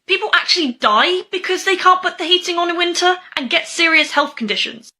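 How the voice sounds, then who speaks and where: A woman's voice: extremely high pitch, lively intonation, brisk, bright, forceful tone. A woman earnestly arguing that working people deserve a decent life, in a casual video.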